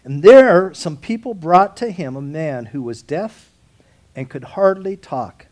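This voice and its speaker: A man's voice: on the high side, expressive, a little slow, darkish tone. A man teaching a Bible study, talking through the text conversationally, with restarts and asides and rising to emphatic peaks. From United States.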